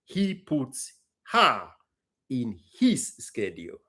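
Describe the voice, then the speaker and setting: A man's voice: mid-range voice, wildly swooping pitch, takes it slowly, bright, forceful tone. A man, hosting and chatting animatedly, reading lyrics aloud and dropping in slang. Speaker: host. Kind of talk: casual commentary.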